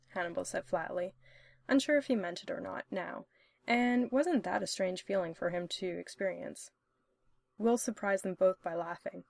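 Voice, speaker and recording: A woman narrating a story in an even, steady reading manner. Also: lowish voice, moderate pace, vocal fry, no room sound. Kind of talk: audiobook-style story reading.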